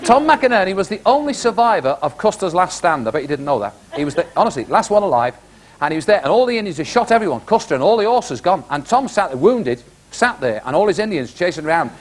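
Animated middle-aged male warm-up comic. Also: high-pitched, quick pace. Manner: chatty, animated storyteller, asks the crowd questions. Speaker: studio warm-up comedian. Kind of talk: stand-up joke telling to a live studio audience. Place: television studio before a live audience.

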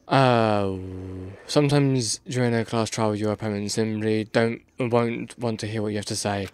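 A man's voice: mid-range voice, normal speed, smooth, no echo, faint music behind. A tired man doing casual let's play commentary, exasperated and rambling, swearing as he goes.

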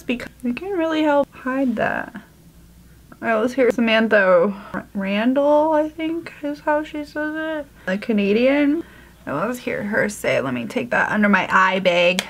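A woman's voice: sits high, expressive, unhurried. A woman vlogger chatting casually through a makeup tutorial, joking about her own mistakes. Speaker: beauty vlogger.

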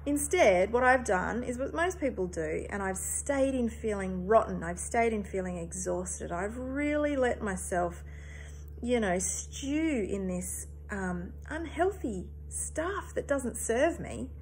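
A woman's voice: on the high side, animated, slow, slight background noise. Earnest woman on a reflective monologue. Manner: earnest, emphatic, swears casually.

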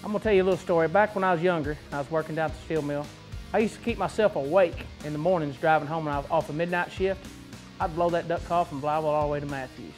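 A man's voice: on the high side, racing, soft background music. A man telling folksy stories and tips about calling ducks. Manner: folksy, rambling. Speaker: duck caller. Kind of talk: storytelling and advice.

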